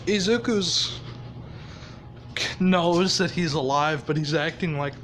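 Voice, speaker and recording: A man's voice: fairly high pitch, takes it slowly, a bit bright, slight background noise. A man telling a made-up story casually, rambling and swearing, often laughing at his own ideas.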